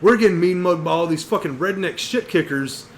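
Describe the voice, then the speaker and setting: A man's voice: high voice, lively intonation, a little fast. A man telling a long story on a casual podcast, swearing constantly and saying "dude" and "bro" a lot. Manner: profane, rambling, says "dude" and "bro" a lot. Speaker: podcast co-host.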